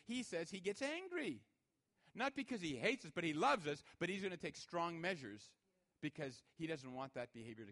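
A male pastor delivering a sermon with an animated, emphatic delivery. His voice sits a little high for a man, and he lifts it sharply when he acts out short scenes.

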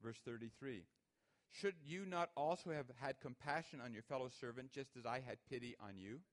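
A man preaching a sermon to a congregation, acting out everyday scenes and raising his voice for emphasis. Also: medium pitch. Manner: animated, acts out little scenes in raised voice. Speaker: pastor.

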